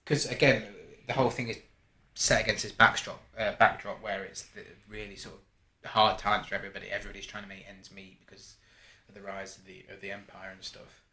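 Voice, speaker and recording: A man hosting a casual film chat podcast. He talks in an animated, rambling way with frequent restarts. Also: lowish voice, brisk, roomy sound. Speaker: podcast host.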